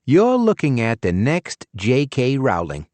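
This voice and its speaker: A man voicing a shrunken elderly lawyer in an audiobook, proud and smooth-talking. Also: medium pitch, wildly swooping pitch, a little slow, darkish tone, dry recording, pitched above the performer's own voice. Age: older.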